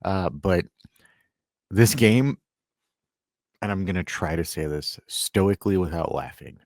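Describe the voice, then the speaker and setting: A man hosting a casual sports podcast, animated and sarcastic, rambling with lots of "like". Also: deep voice, a little slow, long pauses, no room sound, clean studio sound. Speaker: podcast host.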